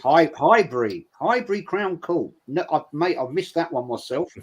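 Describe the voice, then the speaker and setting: A man on a football chat panel, making quick, teasing, exasperated remarks. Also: fairly high pitch, expressive, husky, lo-fi sound. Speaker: podcast panelist. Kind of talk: casual football banter.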